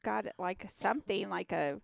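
A woman co-hosting a radio show in casual chat, telling stories haltingly with many fillers and restarts. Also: mid-range voice, vocal fry. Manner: hesitant, rambling storyteller with many fillers. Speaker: radio co-host.

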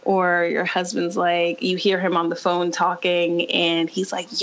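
A woman's voice: on the low side, unhurried, creaky, hardly any pauses, lo-fi sound. A woman, a physician and mother, chatting candidly as a guest and acting out what people say. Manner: candid, animated storyteller acting out quotes. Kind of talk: casual podcast conversation.

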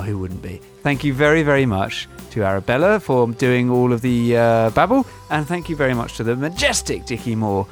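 A man co-hosting a podcast in casual chat, with dry, wry remarks. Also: medium pitch. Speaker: podcast co-host.

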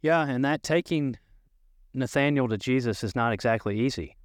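A man's voice: medium pitch, moderate pace, no echo, clean studio sound. A man from Nashville, talking thoughtfully and conversationally about a Bible scene. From Nashville, Tennessee. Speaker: discussion participant, seminary graduate. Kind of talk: casual Bible discussion.

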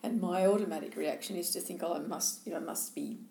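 A woman's voice: lowish voice, a little fast, dark tone. A woman co-hosting a casual chat, telling a personal story candidly and with self-deprecation. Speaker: co-host. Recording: roomy echo.

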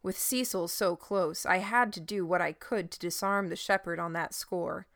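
A woman reading a first-person story aloud in a steady, even narrating manner. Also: lowish voice, normal speed, creaky, no echo, studio quality. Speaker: audiobook narrator.

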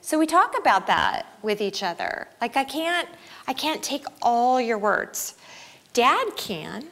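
A woman's voice: high voice, sing-song, unhurried, a bit bright. Candid middle-aged woman giving a talk. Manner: candid and self-deprecating, laughs easily. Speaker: speaker at a family camp. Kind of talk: inspirational talk to mothers.

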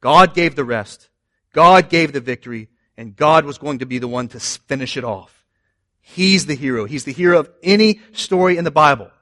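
A man preaching a sermon in an animated way, moving between loud emphasis and quiet asides. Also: on the high side, normal speed, dry recording, studio quality. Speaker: pastor.

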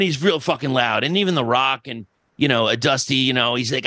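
A middle-aged man talks in a loose, rambling podcast chat, swearing freely and getting carried away with enthusiasm. His voice sits at an ordinary pitch. The sound is close and dry. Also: fairly quick, pushed and bright, dry recording. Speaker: podcast host.

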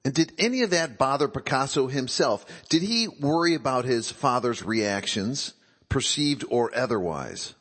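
A man's voice: medium pitch, expressive, moderate pace, a bit bright, breathy edge, long reverb tail. A man giving a reflective talk, musing aloud and posing rhetorical questions.

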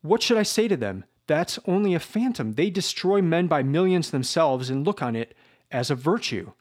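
A man's voice: medium pitch, fast, close to an everyday voice. A man reading aloud as a young male murderer, raising his voice in bitter, indignant defiance.

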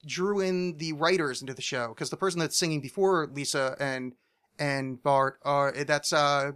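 Nasal American man, bright voice. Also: fairly high pitch, moderate pace, clean tone. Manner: rambling, many fillers and restarts. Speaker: podcast co-host. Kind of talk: casual chat.

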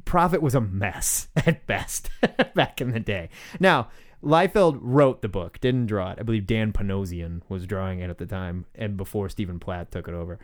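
A man's voice: lowish voice, moderate pace. A man co-hosting a casual comics podcast, laughing often and telling stories with animation. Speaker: podcast co-host.

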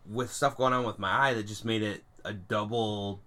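A young man co-hosting a podcast, chatting casually and telling animated stories with puns. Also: on the low side, normal speed. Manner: animated storyteller, puns, laughs at own jokes. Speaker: podcast co-host. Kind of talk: casual chat.

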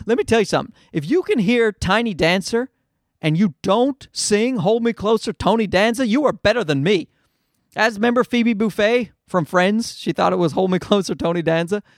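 High-voiced, rambling podcast host. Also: male voice, fairly bright tone, no room sound, studio quality. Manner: rambling, profane, self-mocking riffing. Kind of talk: comedy podcast monologue.

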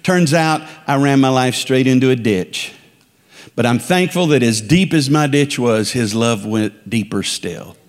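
Speaking at an unhurried pace in a medium-pitched voice, a man from the Dakotas, United States, preaches a sermon as a guest speaker. He's emphatic and has the congregation repeat phrases back to him, with long large-hall reverb on the recording.

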